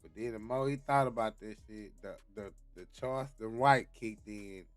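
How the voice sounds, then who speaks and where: A man hosting a live stream, reacting to a clip with loud, profane commentary that swings between mutters and shouts. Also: fairly low pitch, moderate pace, soft background music.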